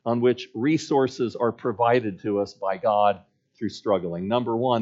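A man's voice: medium pitch, a little mellow. An earnest male pastor delivers a sermon in a middle-range voice, weaving a personal story into his message. He builds each point through rhythmic repetition. The recording sounds muffled and lo-fi.

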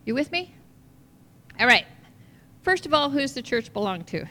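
A woman's voice: high voice, sing-song, moderate pace, bright, forceful tone. A woman pastor preaching a conversational sermon to her congregation in a church, asking them questions along the way. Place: church sanctuary. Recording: reverberant hall, faint noise, level drops midway.

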